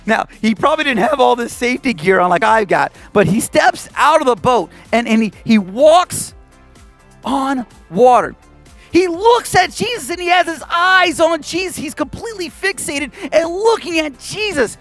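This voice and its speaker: A man, a children's pastor, telling a Bible story to kids in a playful, animated way and acting out the voices. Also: extremely high pitch, normal speed, soft background music. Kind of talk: kids' Bible lesson. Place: church kids' stage.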